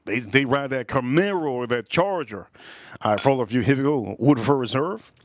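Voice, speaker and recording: A man hosting a casual live stream, reading out chat messages and giving shout-outs, repeating his phrases and swinging between loud bursts and low mutters. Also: moderate pace. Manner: animated, reads out chat and gives shout-outs.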